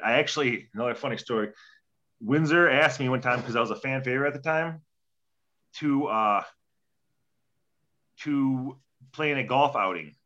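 A man telling rowdy, profane stories as a guest on a casual show, acting out the other people's lines as he goes. His voice is bright and forceful, and the recording comes through dull and lo-fi. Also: mid-range voice. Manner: profane, animated storytelling with acted-out quotes. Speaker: guest, former hockey player. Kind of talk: casual storytelling. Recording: dull lo-fi audio.

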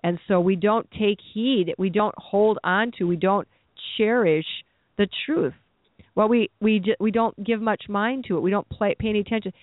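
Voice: mid-range voice, normal speed, no echo. A preacher giving an earnest sermon, often repeating and restarting phrases as the thought builds. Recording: tinny phone-like dry recording.

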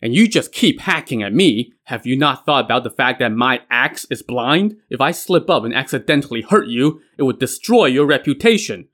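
A man with a medium-pitched, expressive, slightly bright voice speaks at normal speed with few pauses. In a told story, he voices a loyal general and sworn brother who pleads and argues urgently.

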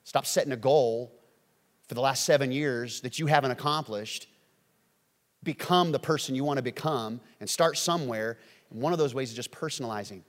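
A pastor preaching a sermon, moving between quiet, earnest lines and loud, excited acted-out quotes. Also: male voice, medium pitch, normal speed, long reverb tail. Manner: animated, swings from hushed to shouting, acts out quotes.

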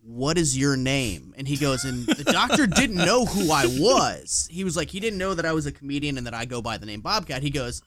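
A man's voice: on the high side, a little fast, hardly any pauses, a little hiss or hum. A man co-hosting a podcast, telling stories in casual chat and swearing freely. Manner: swears freely, animated storytelling. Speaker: podcast co-host.

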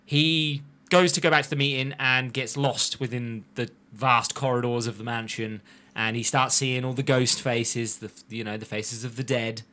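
Male podcast host, bright tone, lively storyteller. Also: medium pitch, moderate pace. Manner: animated storyteller, slips into character voices. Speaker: podcast host recapping an anime. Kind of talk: casual chat.

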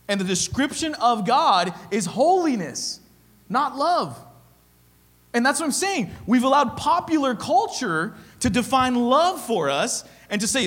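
Guy preaching a sermon, high voice that swings all over, keeps checking okay?, big echoey hall. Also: very animated, unhurried, a bit bright. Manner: emphatic, repeats phrases, asks "okay?". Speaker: pastor.

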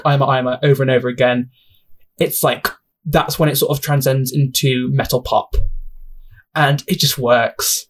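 Gushing young man rambling on his podcast. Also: mid-range voice. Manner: gushing, self-deprecating, sidetracks and apologizes often. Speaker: podcast host. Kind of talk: casual solo podcast chat.

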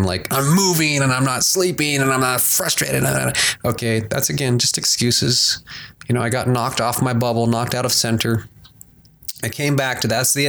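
A man hosting a podcast, telling a personal story from home in an animated, emphatic way and acting out his own past reactions. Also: medium pitch. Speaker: podcast host.

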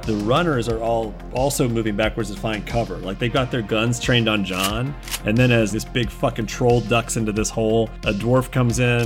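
A man running a tabletop game, describing scenes in a loose, swearing, rambling manner. His voice sits at an ordinary middle pitch with faint music under him. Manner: casual, profane, rambling descriptions. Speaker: game master.

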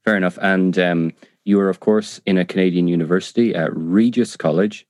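A man's voice: low voice, fairly even intonation, fairly quick, a little mellow, no echo, studio quality. A man who speaks English as a second language, hosting an interview in a hesitant, enthusiastic way with many ums. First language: not English. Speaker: podcast host. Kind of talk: casual interview talk.

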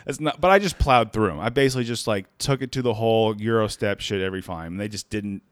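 A man's voice: on the low side, fast, no room sound. A man telling a story in casual chat from a makeshift home studio. He laughs often, restarts his sentences and jumps into quoted voices. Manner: animated, laughs a lot, many restarts.

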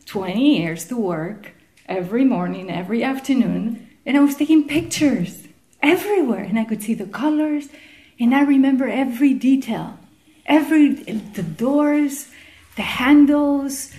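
A woman telling a group about her experiences, animated and searching for words, sometimes out of breath. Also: a little high, moderate pace. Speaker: participant sharing experience. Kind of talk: spontaneous personal account.

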